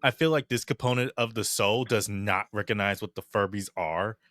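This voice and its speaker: A man playing a tabletop game, quietly describing his character's actions. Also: fairly low pitch, moderate pace, no room sound, studio quality. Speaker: player.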